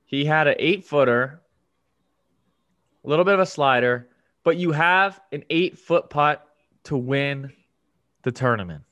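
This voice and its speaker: A man co-hosting a casual sports podcast, easygoing and given to drawn-out retelling. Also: fairly high pitch, lively intonation, fairly bright tone, dull audio. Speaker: podcast co-host. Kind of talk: casual chat.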